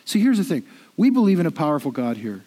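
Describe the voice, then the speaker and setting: A middle-aged man preaching in a high voice. He keeps it conversational and self-deprecating, often doubling back on his words as he talks. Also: very animated, fast, mellow. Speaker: pastor. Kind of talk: sermon.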